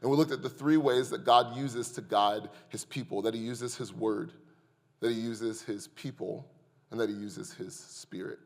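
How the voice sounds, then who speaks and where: A church pastor with a medium-pitched voice preaches at normal speed in the sanctuary, where a long hall reverb hangs on his words. He's a lively storyteller, sharing a funny personal tale and joking with the congregation.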